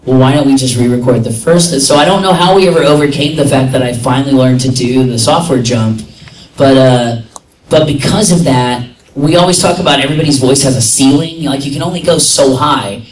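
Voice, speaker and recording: A man rambling through stories at a convention panel, piling on filler words as he goes. His voice is mid-pitched and picked up from a distance in an echoey hall. Faint room noise sits under it. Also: fairly quick. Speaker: convention guest voice actor. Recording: echoey hall, recorded from afar.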